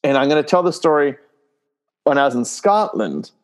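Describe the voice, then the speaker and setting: A man's voice: a little high, moderate pace. A man guesting on a podcast, telling family stories in casual chat, often laughing and filling his talk with "like" and "um". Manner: animated storyteller, laughs often, voices loud screams in stories; many fillers like "like" and "um".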